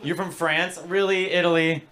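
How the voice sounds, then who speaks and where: A man doing stand-up crowd work, teasing audience members in a campy, animated way on a comedy club stage. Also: high-pitched, normal speed, heavy background noise. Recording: loud audience laughter throughout.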